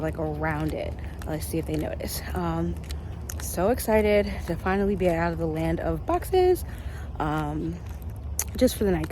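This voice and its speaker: A woman's voice: on the low side, background noise. Chatty woman vlogging while walking. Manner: chatty, with lots of filler ums. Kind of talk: casual vlog. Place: walking outdoors in a neighborhood.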